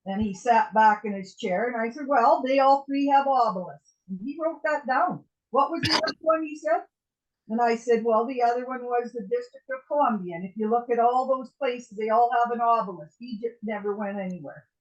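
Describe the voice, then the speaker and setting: A woman's voice: fairly high pitch, normal speed, darkish tone. An older Canadian woman telling in a rambling, indignant way how she confronted an official, quoting what she said. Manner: indignant, rambling, quotes her own words. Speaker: citizen recounting a meeting. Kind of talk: casual storytelling. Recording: dull lo-fi sound.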